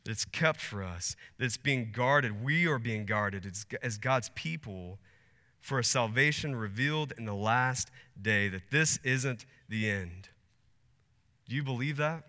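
A man's voice: medium pitch, lively intonation, unhurried, sharp tone. A man in his thirties preaching a sermon as pastor, earnest and building to emphatic peaks. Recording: long hall reverb.

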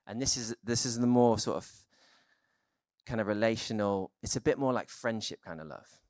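A male preacher talks through his sermon in an easygoing, conversational way, often pausing on fillers. His voice sits on the low side and is recorded close, with almost no room sound. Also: a little mellow, no room sound.

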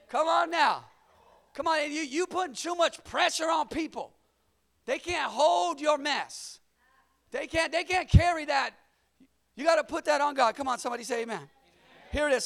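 High, gravelly, shouting preacher man. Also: moderate pace. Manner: energetic, shouting at peaks, call-and-response. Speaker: pastor. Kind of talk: sermon.

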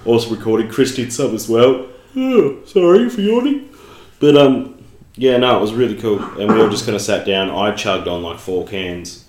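A man's voice: sits low, slight background noise. A sick Australian man co-hosting a podcast in casual chat, rambling with many fillers and restarts. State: sick, coughing. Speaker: podcast co-host. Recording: echoey room.

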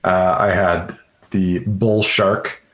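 A man's voice: low-pitched, level tone, very slow, a bit bright. A man co-hosting a podcast, chatting casually in an easygoing, jokey way with plenty of fillers. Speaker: podcast co-host. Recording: roomy echo.

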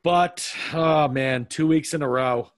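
A man's voice: on the high side, slow pace. A man hosting a casual podcast chat, teasing his co-hosts with playful banter. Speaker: podcast host.

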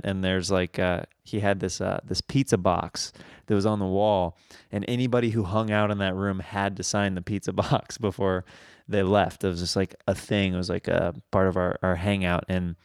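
A man's voice: low voice, little pitch movement, moderate pace, clear, resonant tone, no room sound, studio quality. A young man from Kansas hosting a podcast, chatting casually in a rambling way with lots of fillers and laughs. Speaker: podcast host.

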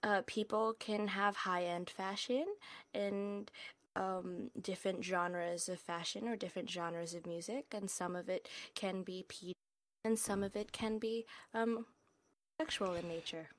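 A woman's voice: mid-range voice, steady tone, unhurried, no echo. A woman co-hosting a casual podcast, giggly and patient as she explains things. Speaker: podcast co-host. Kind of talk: casual chat.

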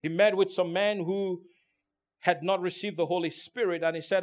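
A man preaching a sermon as pastor. He is emphatic, calls out for responses from the congregation, and swings from hushed to loud delivery. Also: high voice, fairly even intonation, moderate pace. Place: church in Turkey.

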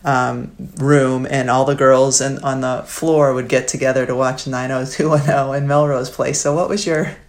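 A woman's voice: rumbling low, little pitch movement, moderate pace, hardly any pauses. A woman in her forties, co-hosting a podcast in casual chat, telling rambling stories with many fillers. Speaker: podcast co-host and sports broadcaster.

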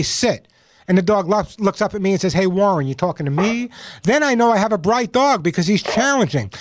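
On his pet-focused call-in radio program, a male host hands out forceful advice, says things more than once and does dog voices to get laughs. His voice is high-set, and the audio is dry.

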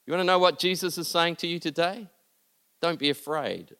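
Male pastor, high and smooth voice, earnest sermon delivery that rises and falls. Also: normal speed. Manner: earnest, building to emphatic peaks, then dropping soft and low.

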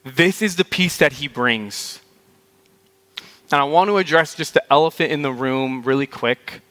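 Male preacher, relaxed conversational sermon delivery, bright and forceful sound. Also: medium pitch. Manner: casual, storytelling with frequent "like".

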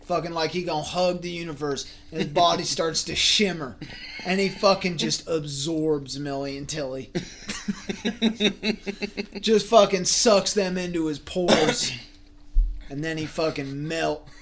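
A man's voice: fairly high pitch, unhurried, a little hiss or hum. A man improvising a violent absurd comedy story on a podcast, swearing constantly. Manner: profane, heavy swearing, deadpan escalation. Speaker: podcast guest.

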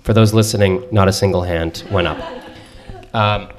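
A man hosting a live book club discussion in a bookstore, talking haltingly with many fillers and restarts. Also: low voice, steady tone. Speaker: podcast host. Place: bookstore event before a live audience.

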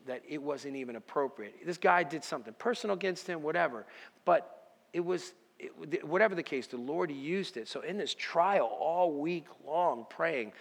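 A male pastor preaching a sermon, telling a personal story with lively quoted dialogue. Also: a little high, creaky, breathy edge, long reverb tail.

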